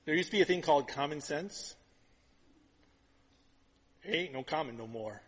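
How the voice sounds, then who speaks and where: A middle-aged male pastor delivers a sermon in a lively, storytelling manner. His voice sits a bit high, and he often restarts his phrases. A long reverb trails after him, as in a large sanctuary. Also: breathy edge. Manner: storytelling, animated and conversational, with quick repeated restarts.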